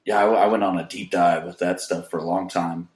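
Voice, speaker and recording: Male musician guest from Kansas, lowish voice, enthusiastic, roomy video-call sound. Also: steady tone, brisk, a little mellow. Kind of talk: casual interview chat.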